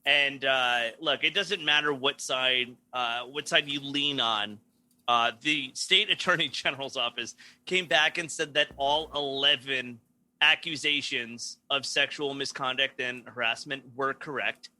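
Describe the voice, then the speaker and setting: A man's voice: medium pitch, measured pace, sharp tone, no room sound. A man from New York, a comedian, chatting casually on a podcast and laughing often while riffing. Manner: laughs often, does impressions.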